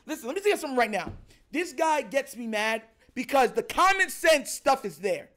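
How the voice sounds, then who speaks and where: A man's voice: extremely high pitch, very animated, fairly quick, a bit bright. A young man hosting a sports reaction show, ranting in an exasperated, emphatic way with lots of repetition. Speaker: sports commentary host.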